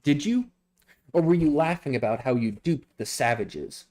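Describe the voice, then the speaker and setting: A man's voice: medium pitch, animated, moderate pace, darkish tone, natural voice. A man voicing a betrayed, angry young barbarian heir with rising indignant outbursts.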